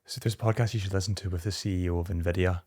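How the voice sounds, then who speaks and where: Fast-talking deep-voiced man host. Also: slightly rough, no room sound, studio quality. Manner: relaxed, chatty, retells anecdotes. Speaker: podcast host. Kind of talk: podcast interview.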